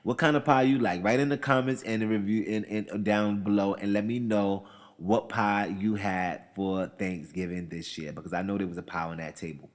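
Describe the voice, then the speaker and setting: A man with a fairly low voice hosts a casual, opinionated countdown. He talks in a loose, chatty flow, circles back on his own phrases and asks the audience questions. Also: steady tone, moderate pace, in a large hall. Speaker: host of a countdown show.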